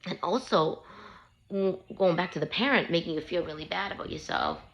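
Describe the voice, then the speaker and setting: Low, gravelly-voiced woman coaching earnestly. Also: brisk, fairly bright tone, highs cut off. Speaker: parent giving healing advice. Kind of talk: casual self-help talk to camera. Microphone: handheld phone.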